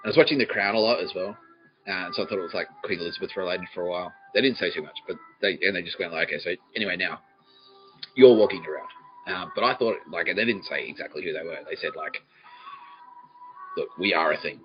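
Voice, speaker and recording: Profane rambling Australian man, low voice. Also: fast, muffled recording, faint music behind. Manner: profane, laughing, jumps between quoted voices. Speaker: podcast host. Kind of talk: rambling comic monologue.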